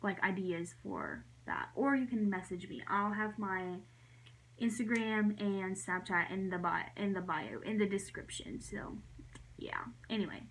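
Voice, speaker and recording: A young woman chats straight to the camera in a casual story-time vlog, her voice sitting at an ordinary middle pitch. She rambles through the story, giggles often and slips into soft whispers for her asides. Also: very animated, a little slow, vocal fry, a little hiss or hum. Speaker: vlogger.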